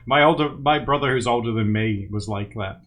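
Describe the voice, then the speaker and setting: A man's voice: medium pitch, fairly quick, a bit bright. A young man livestreaming to viewers in casual, rambling chat. He laughs often and acts out quotes. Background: faint music.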